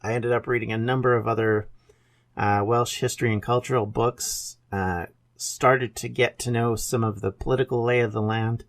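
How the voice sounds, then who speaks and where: A Canadian man in his fifties with a Canadian accent, hosting a solo podcast in a relaxed, rambling way with fillers and self-deprecating asides. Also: mid-range voice, normal speed. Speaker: podcast host. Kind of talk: casual solo podcast monologue.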